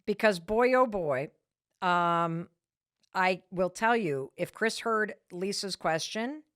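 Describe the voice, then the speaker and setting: A woman podcast host telling a personal story to motivate her listeners, animated and emphatic, with frequent restarts. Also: mid-range voice, slow, no echo, studio quality.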